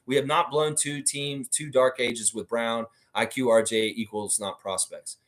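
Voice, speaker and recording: A man hosts a casual livestream and reads out viewer comments, then replies in a blunt, unfiltered way with frequent swearing. His voice sits at an ordinary middle pitch for a man. He sometimes refers to himself in the third person. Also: flat delivery, a little slow, a bit bright. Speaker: sports livestream host.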